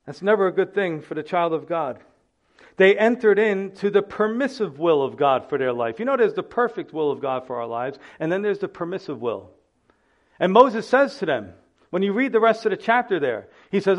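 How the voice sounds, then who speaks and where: A man's voice: high voice, very animated, normal speed, dull audio. A man preaching a sermon as pastor, earnest, acting out the people in the text.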